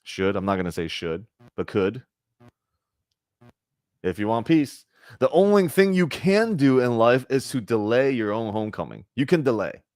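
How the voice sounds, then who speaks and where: A man's voice: medium pitch, big pitch swings, moderate pace, a little mellow, no echo, clean studio sound. A man giving a conversational spiritual talk to a group, often checking in with "right?" and acting out little bits of dialogue. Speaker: spiritual teacher.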